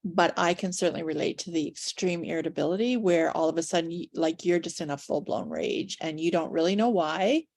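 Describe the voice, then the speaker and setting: A woman's voice: on the low side, a little fast, few pauses, darkish tone, slight background noise. A woman participant sharing her experience frankly in a group session.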